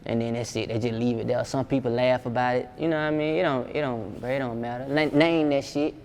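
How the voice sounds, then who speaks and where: Quick and steady, this medium-pitched male voice has a slightly mellow quality over faint background noise. He's a young Georgia-born music producer, laid-back and cursing freely as he chats in an interview.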